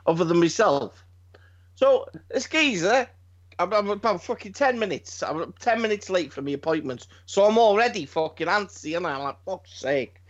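A middle-aged man, telling animated stories on a podcast and swearing constantly. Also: very high-pitched. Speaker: podcast co-host. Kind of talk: casual storytelling chat. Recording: slightly dull lo-fi sound.

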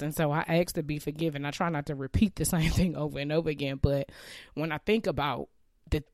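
A woman's voice: deep voice, dry recording, clean studio sound. A woman in her thirties sharing a heartfelt, reflective personal faith testimony about leaving her job.

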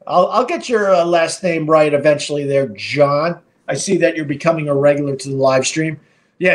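A middle-aged man chats to his live stream audience in a loose, unscripted way. His voice sits a touch high for a man. He swears freely and stumbles through fillers and restarts. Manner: rambling, profane, with many fillers and restarts. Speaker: podcast and live stream host. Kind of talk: casual storytelling to a live stream.

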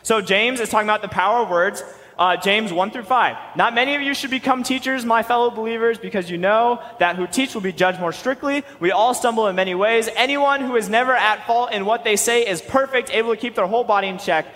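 A young man preaching a sermon, animated and quick-talking, with joking asides. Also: high-pitched, big-room sound.

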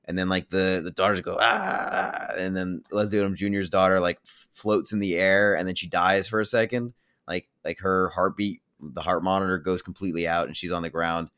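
A man's voice: low voice, steady tone, fairly quick, fairly bright tone, clear, resonant tone, no echo, studio quality. A man reviewing a film on a podcast, retelling the plot in a rambling, casual way with lots of "like" and blunt, offhand opinions. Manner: rambling, heavy use of "like". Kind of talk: casual spoiler recap.

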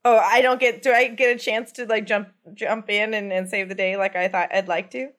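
A woman playing a tabletop game, animated, joking and boastful in the banter. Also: mid-range voice, brisk. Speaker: player.

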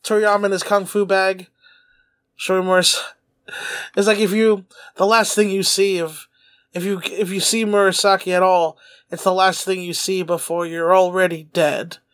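A man with a high, light voice co-hosts a casual podcast chat. He rambles with lots of fillers and restarts and laughs often as he talks. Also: level tone, moderate pace, fairly bright tone, clean tone. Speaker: podcast co-host.

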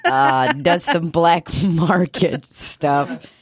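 A woman with a low voice talks in loose, casual conversation. She laughs often and acts out quoted lines as she tells stories. The sound is dry and close to the mic. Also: very slow, no echo. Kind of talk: casual chat.

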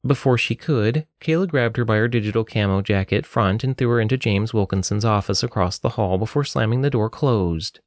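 A man narrating an audiobook story in a steady, even storytelling delivery. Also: lowish voice, no room sound, clean studio sound. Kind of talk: scripted narration.

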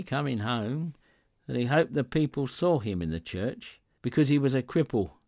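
A man reading aloud, putting on the voice of a gentle, poor Victorian father speaking tenderly. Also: on the low side, no echo, studio quality. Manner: tender, earnest.

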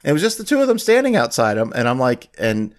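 A man hosting a podcast, telling a long anecdote in a casual, animated way, jumping up in pitch when he quotes people. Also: fast talker. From United States. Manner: animated storyteller who raises his pitch for quoted people. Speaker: podcast host. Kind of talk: casual storytelling chat.

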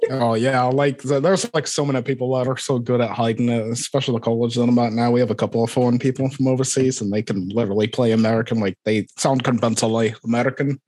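A young man in his twenties, from Scotland, with a Scottish accent. He chats as an interview guest in an easygoing way. His voice sits at a middle pitch and is recorded dry and close. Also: fairly even intonation, fast talker, hardly any pauses, a little mellow, no room sound. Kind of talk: casual interview chat.

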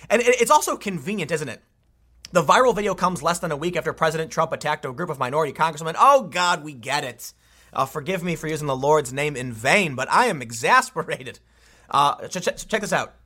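A man delivering opinionated news commentary with a lively, bright, high-pitched voice. He sounds exasperated and sarcastic, tossing in quick asides as he talks. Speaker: political commentator.

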